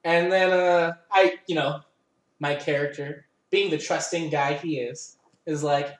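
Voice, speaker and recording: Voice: medium pitch, normal speed. A young adult co-host in a casual chat, telling a long rambling story full of swearing and "like". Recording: roomy echo.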